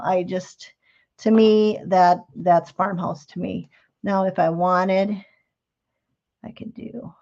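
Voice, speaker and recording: A woman's voice: mid-range voice, lo-fi sound. A middle-aged woman hosting a live craft demonstration, chatting in a homey, explanatory way. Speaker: craft show host.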